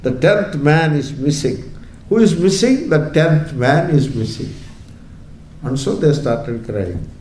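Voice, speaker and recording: A man's voice: mid-range voice, lively intonation, takes it slowly, darkish tone. A man teaching a Vedanta class through a story, wry, with rhetorical questions and chuckles. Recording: echoey room, faint background noise.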